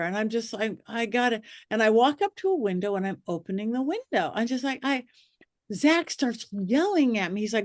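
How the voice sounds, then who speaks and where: A woman with a fairly high voice, speaking as a psychic medium who is a guest on a podcast. She tells her stories with animation and slips into the voices of the people in them. The sound is dry and close, with no room echo. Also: normal speed. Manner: lively, acts out quoted voices. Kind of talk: animated storytelling in a podcast interview.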